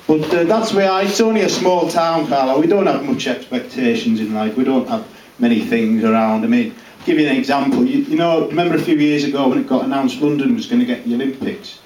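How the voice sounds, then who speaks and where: A man's voice: medium pitch, brisk, a little mellow, lightly acted. A man playing a blunt, rambling male Cumbrian farmer in a live stand-up character act, speaking crudely with a Cumbrian accent. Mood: brash. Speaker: character comedian. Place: small pub comedy room, live audience. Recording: roomy, distant mic, noisy live room.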